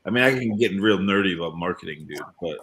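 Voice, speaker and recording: Deep-voiced man chatting with energy. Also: a little hiss or hum. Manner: animated, talks fast and says dude a lot. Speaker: co-host of a live stream. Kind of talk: casual live-stream chat.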